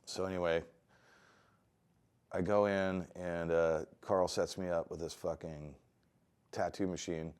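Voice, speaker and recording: A middle-aged tattoo artist with a low, smooth voice tells rambling, profane stories in a casual interview. He's unhurried, pausing often, yet animated in his storytelling.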